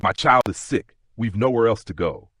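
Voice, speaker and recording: A man's voice: medium pitch, very animated, normal speed, breathy edge, no room sound, studio quality, pitched above the performer's own voice. Frantic poor mother, ragged pleading, read by a man. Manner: ragged, cracking with desperation.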